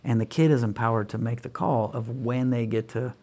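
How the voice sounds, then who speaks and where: A man's voice: medium pitch, brisk. A middle-aged man speaking as a podcast guest, telling parenting stories and acting out what he says to his kids. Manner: animated, acts out quoted dialogue with his kids. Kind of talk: conversational storytelling.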